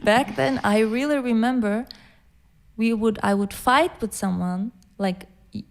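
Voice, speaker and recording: A woman's voice: a little high, a little slow, gravelly. A young woman hosting a casual podcast chat who laughs and swears through her own stories. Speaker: podcast host.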